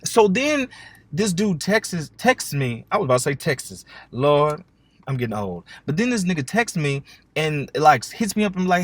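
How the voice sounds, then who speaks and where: A fairly high-pitched young man rambles through a dating story on his podcast. He jokes, swears freely and jumps his voice around when acting out texts. The sound is close and dry, with little room around it. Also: measured pace, dry recording. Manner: animated, jokey, swears freely, acts out text exchanges. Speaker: podcast host. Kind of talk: casual storytelling monologue.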